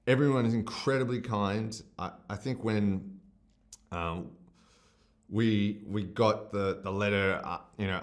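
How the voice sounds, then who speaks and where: A very deep-voiced Australian man speaks in a festival interview about his film. He gushes and rambles, often stopping to restart a thought. His tone is openly emotional and self-deprecating. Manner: effusive, rambling, with frequent fillers and restarts. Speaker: film director.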